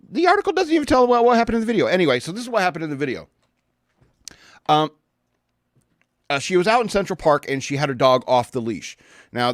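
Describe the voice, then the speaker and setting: A man's voice: medium pitch, no echo, studio quality. A man hosting a podcast, ranting bluntly and sarcastically with many restarts. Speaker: podcast host. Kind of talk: casual opinion rant.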